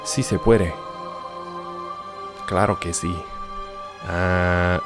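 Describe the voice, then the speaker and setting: A hoarse man chatting casually and joking with viewers while he plays a video game. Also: low-pitched, animated, moderate pace, music in the background. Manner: joking, rambling, chats with viewers. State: hoarse from yelling. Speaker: gaming streamer. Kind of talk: casual gameplay commentary.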